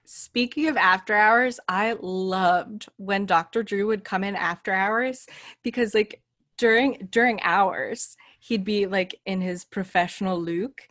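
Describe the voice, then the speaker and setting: A woman's voice: medium pitch, unhurried, a bit bright. A woman hosting a podcast in casual chat, telling anecdotes with emphatic asides and laughter. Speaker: podcast host.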